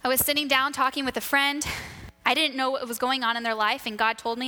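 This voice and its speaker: A woman telling a church testimony in a lively storytelling way, acting out the voices of the people in her stories. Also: high-pitched, fairly quick, big-room sound. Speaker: church member sharing a testimony.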